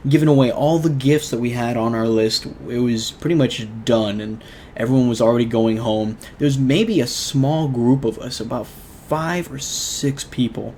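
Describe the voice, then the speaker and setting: A young man hosts his own vlog and tells a personal story in a loose, rambling, earnest way, full of likes and ums. His voice sits in an ordinary middle register. A faint low rumble of noise runs under the recording. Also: moderate pace, mellow. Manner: rambling, filler-heavy, earnest. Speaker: show host.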